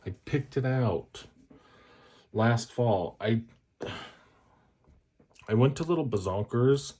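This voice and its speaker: A man's voice: lowish voice, darkish tone. A man chatting casually to viewers as he swatches fountain pen inks, cracking jokes and poking fun at himself. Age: adult, a parent. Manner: jokey, self-mocking, chatty asides. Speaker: fountain pen ink reviewer.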